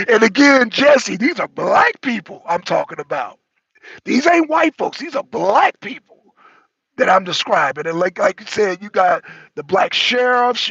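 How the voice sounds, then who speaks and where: A man chatting loosely as a talk show panelist, animated and profane, often laughing and repeating words. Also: high voice, creaky, husky, no echo, dull audio. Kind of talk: casual chat.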